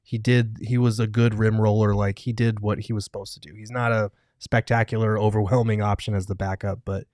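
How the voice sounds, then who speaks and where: A man co-hosting a casual sports talk show, measured and hedging as he thinks aloud. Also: on the low side, flat delivery, a little mellow, no echo, studio quality. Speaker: co-host.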